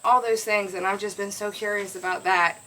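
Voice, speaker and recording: A woman's voice: medium pitch, fairly even intonation, fairly quick, sharp tone, a little hiss or hum, low-quality recording. A woman speaking casually and earnestly about her husband finding his family. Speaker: vlogger, wife. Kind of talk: casual emotional chat. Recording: faint outdoor ambience.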